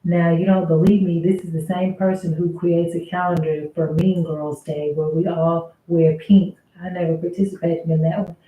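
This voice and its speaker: A woman's voice: lowish voice, flat delivery, moderate pace, few pauses, a little hiss or hum. A woman telling a casual storytime about her workplace, venting in an aggrieved, conversational way with some swearing. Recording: roomy, phone-like thin sound.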